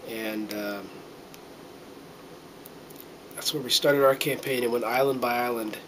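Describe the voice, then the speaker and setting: A man's voice: medium pitch, steady tone, measured pace, a bit bright, a little hiss or hum, poor audio. A middle-aged man from the United States talking to a handheld camera in a casual, earnest monologue, rambling with many fillers and restarts and getting a little choked up. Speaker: vlogger.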